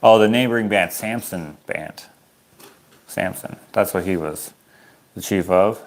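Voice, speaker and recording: A rambling, easygoing man from Canada talks to his viewers in a relaxed livestream chat. His voice sits on the low side, and he chuckles at himself as he goes. He is an artist selling his prints. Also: unhurried.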